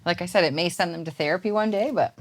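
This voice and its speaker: A Canadian woman in her thirties chats as an interview guest. Her voice sits a little low, and she rambles along with plenty of fillers and restarts. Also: quick pace. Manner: chatty, rambling with many fillers. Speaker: poet and guest. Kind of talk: casual interview chat.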